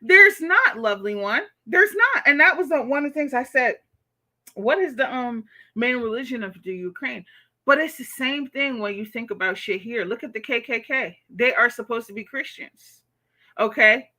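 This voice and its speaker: A woman's voice: fairly high pitch, normal speed, pushed and bright. An American woman hosting a livestream, reading chat comments and giving blunt, profane commentary, often tagging sentences with "okay?". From United States.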